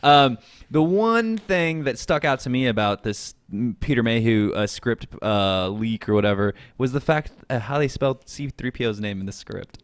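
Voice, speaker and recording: A man's voice: medium pitch, normal speed, no room sound. A man co-hosting a casual film podcast, laughing often, steering the talk and swearing freely. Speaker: podcast co-host. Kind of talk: casual chat.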